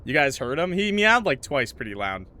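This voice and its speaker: A man's voice: mid-range voice, sing-song, moderate pace, pushed and bright. A man streaming a horror game from his home room at the PC, chatting with viewers, joking and reading the game's narration aloud. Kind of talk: casual livestream commentary and reading game text. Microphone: desk mic with noise suppression.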